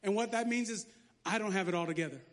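Man, pastor, lively sermon, high tenor voice, playful asides. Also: fast. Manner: lively, joking preacher with sarcastic asides.

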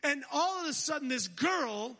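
An American man with a very high, bright, forceful voice preaches an energetic sermon as a guest speaker at a church service. At a moderate pace and with lively intonation, he exhorts the congregation, calls for responses, and tosses in humorous asides.

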